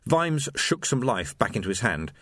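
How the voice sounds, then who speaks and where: A man narrating an audiobook in an expressive, wry storytelling voice. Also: medium pitch, moderate pace, dry recording, clean studio sound. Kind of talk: scripted narration.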